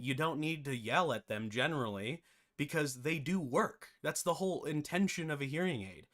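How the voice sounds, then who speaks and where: A man who hosts a game development tutorial, telling a casual, animated story with chatty asides. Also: medium pitch, brisk.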